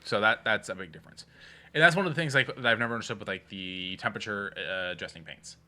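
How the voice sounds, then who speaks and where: A man's voice: fairly low pitch, fast talker, pushed and bright. A man co-hosting a casual podcast chat, skeptical and blunt, arguing his points with swearing. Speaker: podcast co-host.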